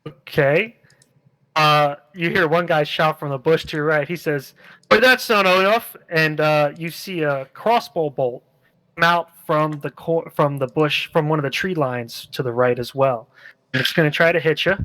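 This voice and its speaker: A man narrating a tabletop game as game master, in a relaxed, rambling way with many fillers. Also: on the high side, normal speed, dry recording, poor audio.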